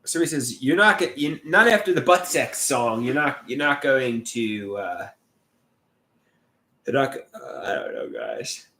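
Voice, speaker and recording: A man hosting a casual livestream and reading out chat comments. He talks haltingly, with restarts, and sounds frustrated and glum. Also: medium pitch, big pitch swings, bright, forceful tone. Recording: echoey room.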